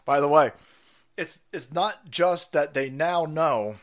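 A man hosting a livestream, reacting to clips with profane, excitable political commentary. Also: a little high, slow. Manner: profane, excitable, laughs and shouts over clips. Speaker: livestream host. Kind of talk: casual political commentary stream.

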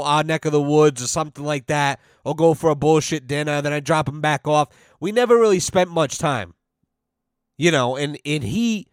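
A young man rambles through a casual podcast story and swears freely. His voice sits a little high for a man, and the sound is dry and close, with no room echo. He keeps tagging "you know what I mean" onto his lines. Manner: loose, rambling, heavy profanity, constant "you know". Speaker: podcast host.

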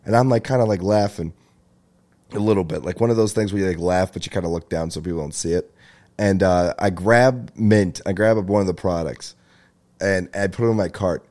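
A young man with a low voice tells a rambling comic story on his podcast. His tone is mellow and relaxed, and he jokes and swears casually as he goes. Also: fairly quick. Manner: rambling, jokey, swears, laughs at own bits. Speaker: podcast host. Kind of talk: casual comedic monologue.

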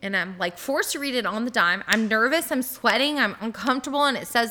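A woman in her thirties tells a story as a podcast co-host, talking loosely and swearing freely, with "like" scattered through every sentence. Her voice sounds bright and forward. Her pitch sits in the middle for a woman. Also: brisk. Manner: animated, swears freely, heavy use of "like". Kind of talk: casual storytelling chat.

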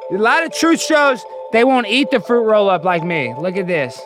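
A man hosting a comedy show, delivering a brash, swaggering rant that keeps slipping into sing-song chants and sudden shouts. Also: sits high, expressive, moderate pace, music in the background.

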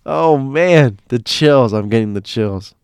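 A man's voice: medium pitch, a little mellow, clean tone, no echo, clean studio sound. A man telling stories in a loose, casual way, often repeating himself and restarting phrases. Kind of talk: casual spoken storytelling.

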